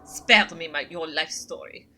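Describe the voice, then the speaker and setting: A woman's voice: low-pitched, unhurried, sharp tone, voice pushed down, full character voice. A woman voicing a haughty, disdainful female cat, in a sneering attempt at a French accent. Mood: cold threatening.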